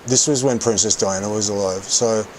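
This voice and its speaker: A man's voice: lowish voice, fairly even intonation, moderate pace, a little hiss or hum, low-quality recording. A man casually telling a rambling anecdote while playing a game, often correcting himself as he goes. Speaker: streamer telling stories while gaming.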